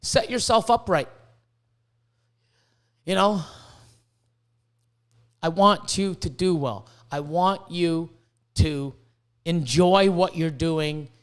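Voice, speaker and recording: Excitable, foul-mouthed high-voiced man. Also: slow pace, long pauses, smooth. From Canada. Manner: profane, excitable, with many restarts. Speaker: podcast host. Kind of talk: casual podcast rant.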